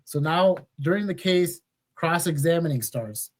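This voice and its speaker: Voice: mid-range voice, expressive, measured pace. A podcast host recapping a film in casual chat, swearing freely and laughing often.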